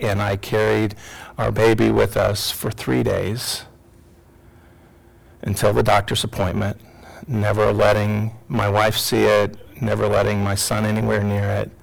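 Gravelly middle-aged man telling a story. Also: lowish voice, rough recording. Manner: emotional, swings from loud to hushed. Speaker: teacher and psychologist. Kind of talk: personal story told to an audience.

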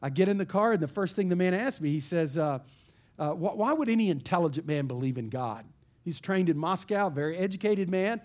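A man from East Texas, a pastor telling a story in a sermon in an animated, folksy way. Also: high-pitched, a little fast.

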